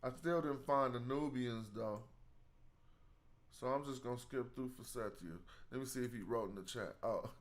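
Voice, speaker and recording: A man's voice: medium pitch, normal speed. A man hosting a casual live study stream, thinking aloud in slang as he works through hieroglyphs.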